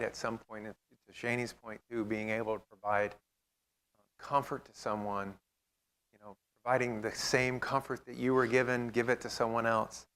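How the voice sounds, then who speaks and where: A man's voice: medium pitch, a bit bright, clear, resonant tone. A man leading a church Bible class, talking earnestly and reading scripture aloud with feeling.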